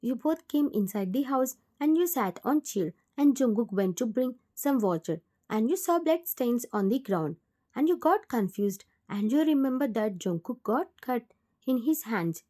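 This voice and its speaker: A woman narrating a second-person fan-fiction story in a plain, steady reading voice. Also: on the high side, measured pace.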